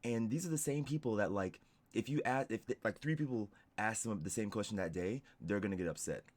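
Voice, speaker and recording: A man's voice: on the low side, brisk, darkish tone. A young man streaming casual reaction commentary, rambling with lots of "like" and restarts. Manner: rambling, heavy use of "like" and restarts.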